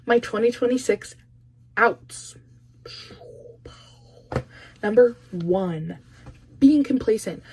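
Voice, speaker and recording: A woman's voice: a little high, darkish tone, slightly rough. A young woman talking casually to camera in a vlog, chatty and opinionated with emphatic bursts. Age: young adult. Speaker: vlogger.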